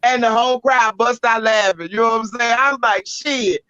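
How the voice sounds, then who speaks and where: A woman with a Southern US accent, a spoken word poet telling a story as an interview guest, animated, blunt and profane. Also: fairly high pitch, brisk, no room sound. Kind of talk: casual storytelling. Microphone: podcast microphone. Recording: dull lo-fi audio.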